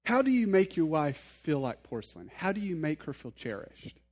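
A man's voice: a little high, very animated, moderate pace, darkish tone, breathy edge. A male pastor giving a sermon in a conversational, earnest way, speaking straight to his listeners and poking fun at himself. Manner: conversational, self-deprecating humor; addresses listeners directly, earnest.

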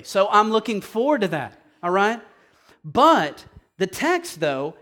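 Conversational male pastor, slightly high voice. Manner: conversational preaching, asides and humor. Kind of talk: sermon.

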